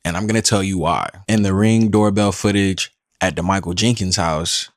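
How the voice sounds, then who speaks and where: A man's voice: sits low, a bit bright, no room sound, clean studio sound. A man giving blunt, accusing reaction commentary on a video clip, calling out what he sees as lies. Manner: blunt, accusing, repeats "she's lying". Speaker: commentary host.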